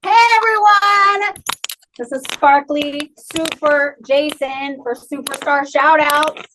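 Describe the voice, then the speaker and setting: A woman cheerfully reading out weekly shoutouts at a staff meeting, cheering between items. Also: high voice, little pitch movement, slow. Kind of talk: cheerful announcements. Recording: noisy background.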